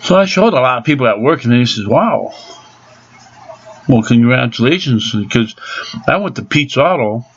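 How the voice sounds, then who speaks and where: A man's voice: mid-range voice, animated, fairly quick, fairly bright tone, slight background noise. Furious man, swearing vlog rant, dull home-recorded sound. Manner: angry, profane ranting. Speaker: angry car owner. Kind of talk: ranting vlog.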